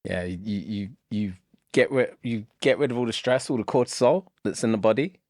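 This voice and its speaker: A man hosting a podcast in a calm, low voice, giving short affirmations and measured explanations. The recording is dry and close to the mic. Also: no room sound. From United Kingdom. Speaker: podcast host. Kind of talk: casual podcast conversation.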